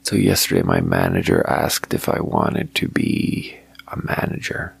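A man's voice: extremely low pitch, big pitch swings, a little slow, gravelly, slightly rough, no room sound. A man hosting a casual late-night solo podcast, talking in a wry, self-mocking way and swearing freely.

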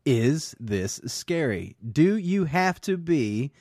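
Co-host, man, slightly high voice, jokey and animated, soft music under. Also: slow pace, dry recording, studio quality. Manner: teasing, laughs often. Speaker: podcast co-host. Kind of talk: casual chat.

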